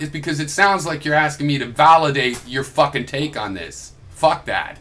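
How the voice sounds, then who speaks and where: Combative, profane man with a bright voice. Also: a little high, moderate pace, hardly any pauses. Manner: combative and profane, with sarcastic mock quotes. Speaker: video blogger replying to another vlogger. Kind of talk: argumentative reply video.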